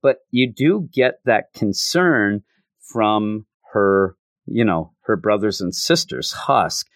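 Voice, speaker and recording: A man's voice: on the low side, animated, slow, dry recording, studio quality. A man hosting a podcast, talking through a comic in a rambling, self-interrupting way. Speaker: podcast host. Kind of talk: casual comic book review.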